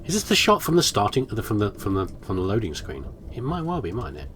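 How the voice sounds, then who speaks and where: A man's voice: fairly low pitch, huge pitch swings, quick pace, a bit bright, slight background noise. A man commentating his horror game playthrough in a playful, musing, self-mocking way. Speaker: gaming commentator. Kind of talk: let's play commentary.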